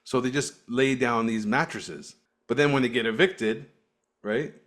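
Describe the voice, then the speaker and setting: A man from Cyprus co-hosts a podcast, telling stories in casual chat in an unhurried, medium-pitched, slightly bright voice. He laughs often and frequently restarts his sentences.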